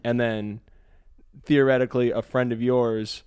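A man co-hosting a podcast in casual chat, animated, laughing often and swearing freely. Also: medium pitch, unhurried, clear, resonant tone, dry recording, studio quality. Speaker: podcast co-host.

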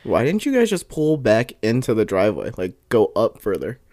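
A man's voice: on the low side, huge pitch swings, normal speed, a little mellow, no echo, clean studio sound. A man chatting casually, teasing his brother and cutting in with questions. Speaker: older brother. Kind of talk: casual chat.

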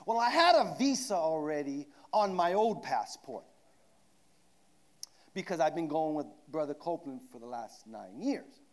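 A man preaching a sermon, swinging from shouted declarations down to hushed asides. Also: fairly high pitch, sing-song, unhurried.

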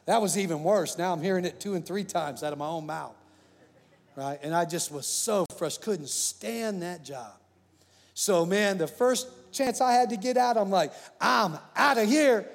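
A man preaching with a high voice that climbs even higher on his loudest lines, then drops to a near hush. His delivery is animated and personal. Long reverb trails behind him in a large hall. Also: normal speed, gravelly. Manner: animated, swings from loud to hushed. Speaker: pastor. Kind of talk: sermon.

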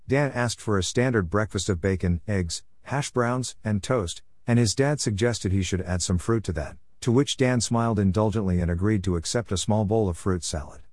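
Low-voiced man narrating a story. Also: normal speed, few pauses, a little mellow, dry recording, studio quality. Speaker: audiobook narrator. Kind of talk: scripted narration.

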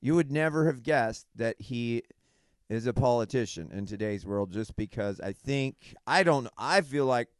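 Smooth-voiced joking man in casual chat. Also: mid-range voice, expressive, normal speed, dry recording, clean studio sound. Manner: easygoing and joking, laughs often. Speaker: podcast co-host.

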